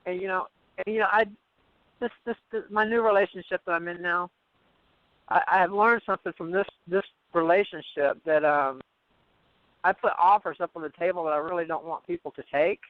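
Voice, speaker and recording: A man's voice: sits high, brisk, no echo. A man calling in to a radio show, telling a personal story in a rambling way that repeats words. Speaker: caller. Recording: dull muffled phone audio.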